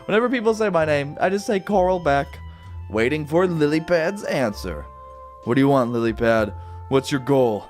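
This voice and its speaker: A man's voice: fairly high pitch, animated, normal speed, darkish tone. A man giving casual, jokey commentary while playing a game at home in his apartment, with sudden playful jumps in his voice. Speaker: gaming video host. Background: neighbor's music.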